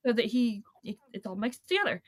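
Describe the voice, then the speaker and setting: A woman chatting casually, animated and playful, often correcting herself as she talks. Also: a little high, brisk, no room sound. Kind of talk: casual chat.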